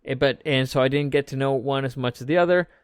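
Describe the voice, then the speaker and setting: A man's voice: mid-range voice, quick pace, smooth, no echo, clean studio sound. A young man casually recapping an event in a loose, joking way, swearing freely as he tells the story. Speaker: vlog host recapping an event.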